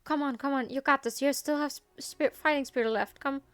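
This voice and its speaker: A woman's voice: high voice, fairly even intonation, brisk, fairly bright tone. A woman reacting to a video game story, emotional and repeating her exclamations.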